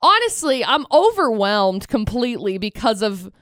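A woman's voice: fairly high pitch, very animated, normal speed, a bit bright, no echo. A woman co-hosting a morning radio show, talking emotionally and close to tears. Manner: emotional, tearful and gushing. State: near tears. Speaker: radio co-host.

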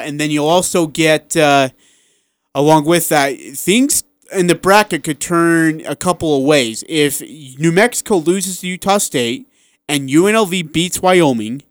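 A man co-hosting a sports radio show, talking in a casual, excitable way and acting out what people said. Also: a little high, no echo. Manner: excitable, animated storyteller who acts out quotes.

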